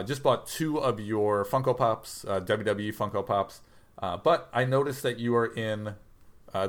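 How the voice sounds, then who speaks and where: A man casually telling a long story about buying old toys, rambling and correcting himself, livening up when he quotes people. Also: lowish voice. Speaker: toy reseller telling a story.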